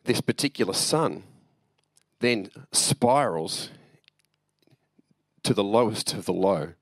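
Male pastor, low voice, dry close sound, earnest conversational sermon. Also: lively intonation, takes it slowly, dry recording. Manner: conversational and earnest, with restarts and asides.

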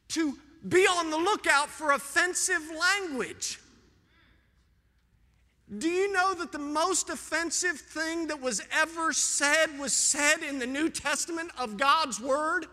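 A man's voice: very high voice, bright, forceful tone. A male pastor preaching a fervent sermon, joking with his congregation. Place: church sanctuary. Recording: long hall reverb of a church.

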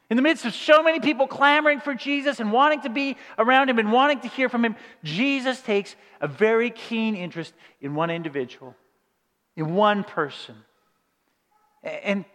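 Male pastor, sermon, high voice, animated storytelling, frequent restarts, long hall reverb.

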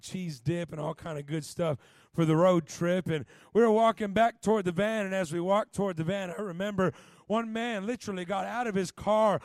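Fervent high-voiced preaching man. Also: no room sound. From Los Angeles. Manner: says "uh" before many phrases, shouts with rising fervor in the exhortation; conversational storytelling with "man" and "bro". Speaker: evangelist. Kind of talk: Pentecostal sermon with a personal story.

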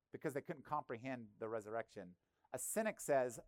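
A male pastor preaching a sermon in a conversational, animated way, often acting out quotes. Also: medium pitch, fairly quick, no room sound.

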